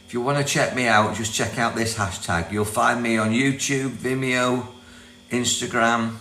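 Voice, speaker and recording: An older man from Britain, speaking unhurriedly in a medium-pitched, bright and forceful voice with fairly even intonation, hosts a chatty, rambling self-help livestream. He laughs often and reads viewer comments aloud from a property in Thailand, in an echoey room with mains hum.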